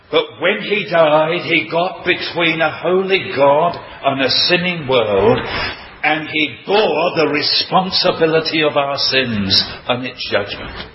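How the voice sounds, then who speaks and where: A man delivers a sermon slowly and deliberately, his fairly high voice rising and falling dramatically for emphasis. The recording is dull and lo-fi, with a faint hiss under it. His voice rings out through a roomy hall. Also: expressive. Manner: emphatic, dramatic preaching with wide swings in pitch. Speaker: preacher.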